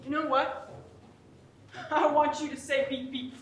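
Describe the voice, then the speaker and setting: A woman's voice: sits high, flat delivery, measured pace, slight background noise. A woman playing a swaggering man hosting a holiday party in a stage comedy sketch, trading cocky, threatening banter. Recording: echoey stage room from a distance.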